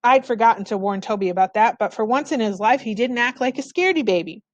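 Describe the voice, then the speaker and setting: A woman's voice: on the high side, animated, fast, dry recording. A woman reading a children's novel aloud, narrating expressively in the first person. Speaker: storybook reader.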